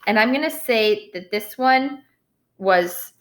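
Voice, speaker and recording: A woman's voice: fairly high pitch, animated, slow. Woman teacher walking through steps. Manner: step-by-step, checking in with "okay?". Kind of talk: screen-recorded software tutorial.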